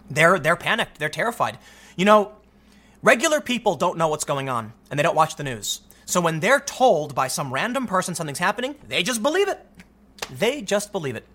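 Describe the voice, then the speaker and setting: Man, commentary host, sarcastic, very lively pitch, bright tone. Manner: animated, sarcastic, mocking impressions. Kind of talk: reading and reacting to a news article.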